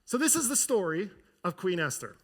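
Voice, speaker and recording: A man's voice: sits high, big pitch swings, a little fast. A male pastor retelling a scripture story in a sermon, casual, with wry asides.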